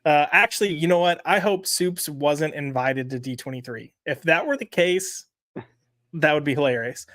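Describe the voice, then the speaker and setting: Male co-host, rambling casual chatter, slightly high voice, dry close recording. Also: moderate pace, a bit bright, no room sound. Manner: chatty, rambling, lots of fillers. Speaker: podcast co-host. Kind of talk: casual chat reading live chat comments.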